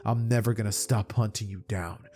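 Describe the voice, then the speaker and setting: A man voicing an arrogant, ruthless male hero in a fan-made anime story, speaking coldly and slowly. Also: on the low side, fairly even intonation, dark tone, lightly acted. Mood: sneering. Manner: cold, slow, sneering.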